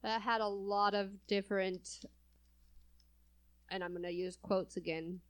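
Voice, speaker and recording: Slow-talking woman in her thirties. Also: mid-range voice, fairly even intonation, clean tone. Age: 30s. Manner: laughs often, chatty and self-mocking. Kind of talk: casual chat.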